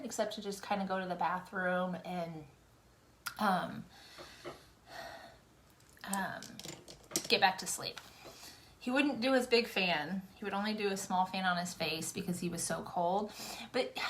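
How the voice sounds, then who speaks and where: A young woman rambles to her viewers while she does her makeup, venting and chatting with plenty of fillers. Her voice sits at an ordinary middle pitch. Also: fairly bright tone. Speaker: makeup vlogger. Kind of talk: casual chatty livestream.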